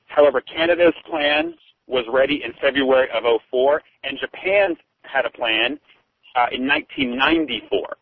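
A man's voice: medium pitch, gravelly, no echo. A man from Texas, a political correspondent chatting on a radio talk show and leaning on "you know". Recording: tinny phone line.

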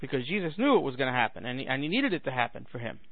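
A man's voice: medium pitch, very animated, racing, gravelly, no echo, phone-quality sound. A man hosting a talk show, delivering a sarcastic comedic monologue with a ranting manner. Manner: sarcastic ranting with mocking put-on voices. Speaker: radio talk host.

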